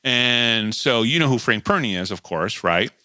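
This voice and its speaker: A man with a mid-range, animated voice, bright and forceful, speaks at normal speed in clean audio without echo. As a podcast co-host, he chats casually about sports, recapping hockey games from his notes and often restarting his sentences.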